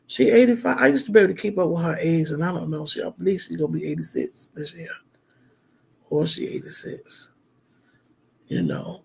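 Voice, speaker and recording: A man's voice: fairly high pitch, fairly quick, gravelly, a little mellow, breathy edge. A middle-aged man, a minister, talking heartfelt and rambling on a casual livestream, with lots of fillers.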